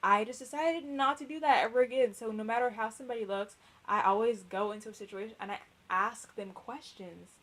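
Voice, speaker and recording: A young woman co-hosts a podcast, chatting casually in a slightly high voice at a brisk pace. She's blunt and rambling, swears often and fills gaps with "like", and the recording is rough.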